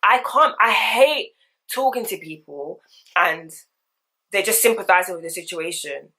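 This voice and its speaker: Low-voiced woman vlogging. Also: a little slow. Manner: candid, slangy, animated storytelling. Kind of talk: casual get-ready-with-me chat.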